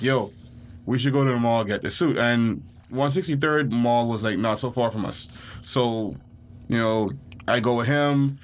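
A man co-hosting a podcast, telling a childhood story in a casual way and jumping into high, panicked yelps when he acts out his own part. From Bahamas. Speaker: podcast co-host.

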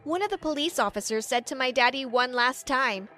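A woman's voice: high-pitched, lively intonation, a little fast, pushed and bright, faint music behind. A woman narrating a first-person story in an earnest, dramatic storytelling manner.

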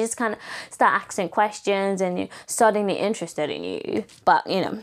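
A woman's voice: lively intonation, brisk. Chatty young woman podcaster, American-tinged accent. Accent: American-leaning accent. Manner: chatty, laughs often, acts out quoted people in higher voices. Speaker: podcast host. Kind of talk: casual solo podcast chat.

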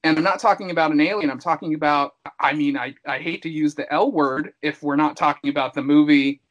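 A man with a fairly high, steady, slightly bright voice speaks briskly on a muffled recording. He hosts a casual horror-movie podcast, chatting about a horror film in a playful, showman-like manner that rambles and restarts.

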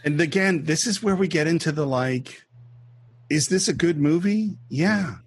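Here the man's voice sits fairly high, with a breathy edge and a measured pace. Hosting a casual film-discussion podcast, he narrates a movie scene by scene for his co-host and explains how each part was filmed, telling it with storyteller energy.

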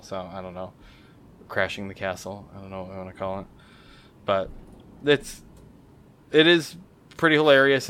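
A man's voice: on the low side, a bit bright, a little hiss or hum. A man co-hosting a podcast, chatting casually about a game he found and rambling a little with fillers and self-corrections. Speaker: podcast co-host. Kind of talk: casual chat.

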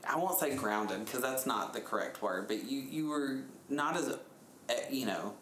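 Guy in his 30s telling a story, laughs a lot, echoey room w/ a little hiss. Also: moderate pace. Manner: animated, laughs often, jumps into high pitch when retelling. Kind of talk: casual storytelling chat. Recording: echoey room with faint noise.

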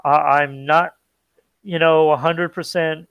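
A man's voice: a little high, steady tone, slow pace, a bit bright, smooth, no echo. A man co-hosting a pop culture podcast, chatting casually, plugging the show's channels and joking around. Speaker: podcast co-host. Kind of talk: casual chat.

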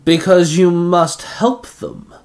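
A man voicing a scheming male Duke Orc monster who speaks in a slow, drawn-out, lordly way. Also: high-pitched, a little mellow, pitched above the performer's own voice. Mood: lofty.

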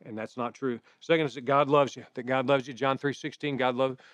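A middle-aged man preaches in a relaxed, conversational manner, weaving personal stories into his sermon. His voice is smooth and clear at an ordinary pitch. He is recorded up close, with a dry sound and no room echo. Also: brisk. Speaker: pastor.

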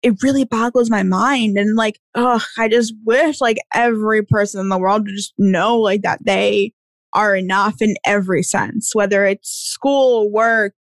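A woman's voice: mid-range voice, steady tone, a little slow, no echo. A woman in casual podcast chat, earnest and full of filler words.

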